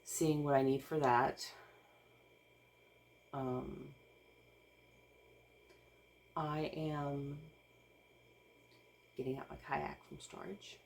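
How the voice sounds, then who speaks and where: A woman, talking slowly to her camera. Her voice sits low, and she sounds overwhelmed and close to tears. She rambles, stops and starts, and laughs nervously. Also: level tone, creaky, a little mellow, slight background noise. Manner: rambling with restarts and sighs. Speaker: vlogger. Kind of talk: casual vlog talk to camera.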